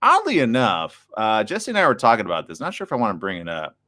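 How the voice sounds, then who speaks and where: Male morning host, animated and excitable, riffs hard, reads out chat comments. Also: fairly low pitch, fast. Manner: reads viewer comments aloud. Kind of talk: live streamed talk show chat.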